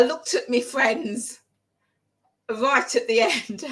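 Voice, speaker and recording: A vlogger chats casually in her home kitchen while cooking, rambling along and repeating phrases for emphasis. Her voice is a little high with a sharp tone, and she takes it slowly. The audio quality is poor.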